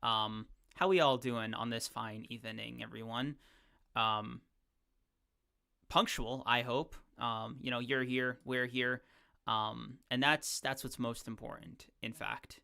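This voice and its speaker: Gravelly, bright-voiced man hosting a podcast. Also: medium pitch, a little slow. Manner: dry, deadpan joking with many fillers. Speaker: podcast host. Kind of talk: casual chat.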